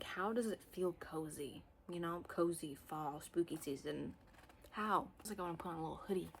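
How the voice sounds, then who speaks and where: A young woman chatting casually to camera about her reading, rambling with lots of fillers and excited bursts. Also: fairly low pitch, a little hiss or hum. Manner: expressive, swings into loud excited bursts. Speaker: book vlogger.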